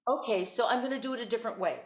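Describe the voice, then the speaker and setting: A woman's voice: a little high, very fast, roomy sound. A woman teaching an online voice lesson, patient and encouraging, demonstrating vocal exercises over a video call.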